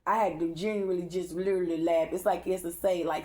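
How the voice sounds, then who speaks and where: A woman's voice: on the low side, fairly even intonation, fast, a little mellow. A woman giving a casual spiritual reading, emphatic and profane, talking straight to her viewers. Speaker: spiritual tarot reader.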